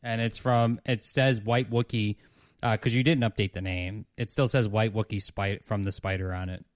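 A man narrating a tabletop game as game master, halting with fillers. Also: fairly low pitch, steady tone, dry recording, clean studio sound.

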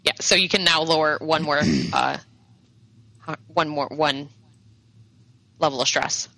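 A woman running a tabletop game as game master, explaining the rules and narrating haltingly with many fillers. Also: deep voice, wildly swooping pitch, sharp tone, poor audio.

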